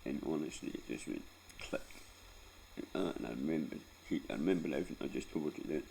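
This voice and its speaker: A man's voice: a bass voice, quick pace, creaky, a little mellow, a little hiss or hum. A Scottish man in his forties telling a painful personal story in a rambling, sweary way, close to tears and often tagging on "right?". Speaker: vlogger.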